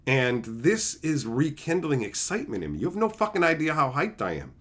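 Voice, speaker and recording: A man hosting a live stream, chatting excitedly and profanely with his viewers and acting out friends in loud voices. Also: a little high, fairly quick. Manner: profane, excitable, rants about cards.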